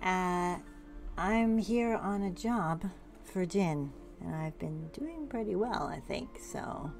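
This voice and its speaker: A woman's voice: lowish voice, expressive, slow pace, vocal fry, darkish tone, soft background music, full character voice. A woman voicing a casual young woman in a tabletop role-play, talking with many hesitations. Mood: breezy. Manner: casual, hesitant, filler-heavy.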